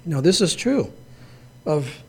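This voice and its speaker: A man delivers a sermon with a somewhat high voice. He preaches in an earnest, measured way and drives points home through repetition. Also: big pitch swings, vocal fry, slightly rough. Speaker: pastor.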